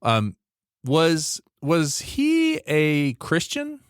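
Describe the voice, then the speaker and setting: A man co-hosting a podcast in casual chat, rambling and animated with many restarts. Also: fairly high pitch, drawn-out words, clear, resonant tone, no echo, studio quality. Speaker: podcast co-host.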